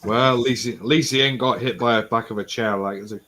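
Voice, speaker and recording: Bloke rambling and swearing on a stream chat, laughs a lot. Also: male voice, mid-range voice, steady tone, fast talker, a bit bright. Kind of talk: casual banter.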